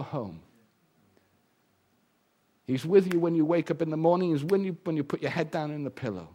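A man preaching a sermon, lively and humorous, acting out the voices he quotes. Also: on the high side, normal speed.

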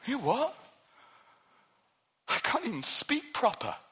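Brief: preacher doing a reluctant, whiny Moses, raised pitch, reverberant hall. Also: male voice, huge pitch swings, slow pace, bright, forceful tone, breathy edge, exaggerated voice. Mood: protesting. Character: reluctant, protesting male Moses.

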